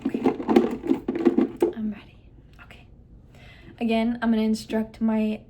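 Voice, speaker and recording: Against a noisy background, a young speech therapist with a high-ish, creaky voice explains a listening game to parents step by step. Her tone is steady at normal speed, she pauses often, and she models exaggerated emphasis on key words in this instructional demonstration.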